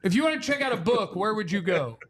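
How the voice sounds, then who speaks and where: A man's voice: high-pitched, sing-song, fast, a bit bright, dry recording. A man co-hosting a podcast in casual chat, joking dryly and arguing points. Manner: dry, joking, argumentative. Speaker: podcast co-host.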